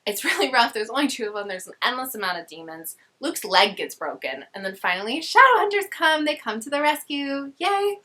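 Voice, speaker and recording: A woman's voice: a little high, sing-song, fairly quick, pushed and bright. A young woman casually summarizing a novel in a chatty, sarcastic way with slangy asides. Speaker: book vlogger.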